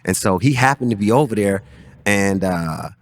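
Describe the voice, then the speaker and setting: A man's voice: lowish voice, animated, normal speed. A man, a fighter and coach, telling rambling, profane stories as a guest on a podcast in a studio. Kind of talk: casual storytelling.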